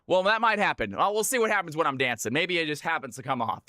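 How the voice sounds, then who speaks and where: A man hosting viewer games on a live stream, talking excitedly and chatting with his audience. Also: on the high side, fast talker, no room sound, clean studio sound.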